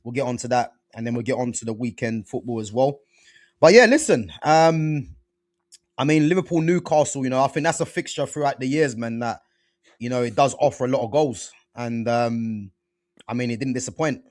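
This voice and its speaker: A man's voice: medium pitch, a little fast, a little mellow, no echo, clean studio sound. A young man hosting a casual football chat show, talking loosely with plenty of slang. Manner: laid-back, loose slangy talk peppered with "man" and "bro". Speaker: podcast host.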